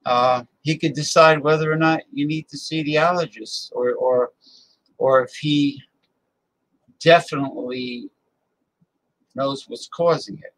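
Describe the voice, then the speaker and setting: A man's voice: a little high, steady tone, a little slow, pauses often, fairly bright tone, poor audio. A male host in a casual chat who rambles while giving advice.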